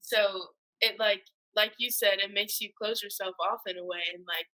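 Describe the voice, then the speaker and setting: A woman's voice: medium pitch, steady tone, pushed and bright, low-quality recording. A woman and pastor's daughter speaking emphatically in a casual panel chat. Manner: emphatic, agreeing, quick to laugh along.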